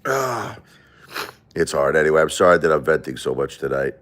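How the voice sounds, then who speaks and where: A man's voice: a bass voice, big pitch swings, moderate pace, a bit bright. A middle-aged man hosting a livestream, talking in a rambling, repetitive, confessional way and often repeating himself. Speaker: livestream host. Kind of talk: emotional livestream monologue.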